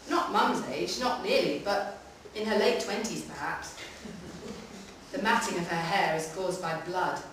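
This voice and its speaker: A woman giving a live, measured reading of a short story in a public library room. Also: mid-range voice, a bit bright, a little hiss or hum. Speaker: reader. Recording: echoey hall from far off.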